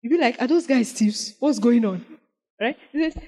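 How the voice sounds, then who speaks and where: The poorly recorded sermon comes from a woman whose voice is on the high side and whose pace is moderate. She moves animatedly from loud exclamations to soft, prayerful words.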